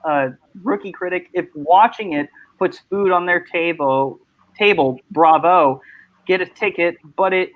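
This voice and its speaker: A man's voice: high voice, a little slow, phone-quality sound. A man hosting a casual panel chat, talking in rambling bursts with many restarts and laughs. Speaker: host.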